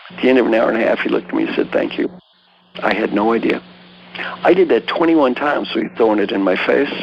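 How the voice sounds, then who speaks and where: Older guy, gravelly lowish voice, punchy storytelling, does the voices of people he quotes, kinda muffled audio. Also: animated, quick pace, slight background noise. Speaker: guest executive coach. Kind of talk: storytelling interview talk.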